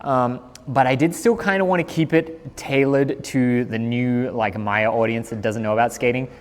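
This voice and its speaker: A man's voice: medium pitch, moderate pace. A young Australian man with a mid-range voice chats loosely on a live stream, full of slang and filler words. A long reverb trails behind his voice. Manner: laid-back, slangy, lots of "like". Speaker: skateboarder and streamer. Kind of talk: casual live-stream chat.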